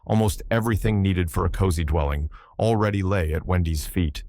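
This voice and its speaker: A man narrating a classic children's story in a measured storytelling manner. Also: deep voice, darkish tone, no echo, clean studio sound. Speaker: audiobook narrator. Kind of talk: scripted narration.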